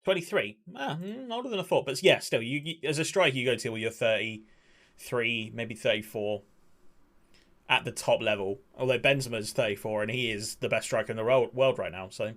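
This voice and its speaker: A man in his twenties, rambling and excitable while commentating a football management game he is streaming, swearing now and then. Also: medium pitch, normal speed. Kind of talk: casual gaming commentary.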